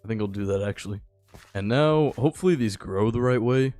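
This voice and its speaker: Sleepy young dude streaming a game, lowish voice, just rambling to chat. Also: male voice, a little fast, a little mellow, dry recording, faint music behind. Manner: laid-back, rambling, chats with viewers. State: a little tired. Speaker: gaming streamer. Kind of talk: casual live-stream commentary while playing.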